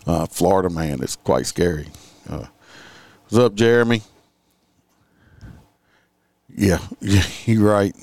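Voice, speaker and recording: A man's voice: low-pitched, expressive, takes it slowly, long pauses, a little mellow, no echo. A man hosting a casual livestream, reading out crime stories and chatting with his viewers in a sarcastic, profane, rambling way.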